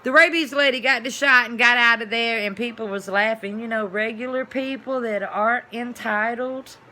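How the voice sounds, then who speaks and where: Bright-voiced woman telling a story. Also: on the high side, normal speed. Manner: animated, swings from hushed asides to loud exclamations; chatty, addresses viewers as y'all. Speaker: vlogger telling a personal story. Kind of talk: casual storytelling to camera.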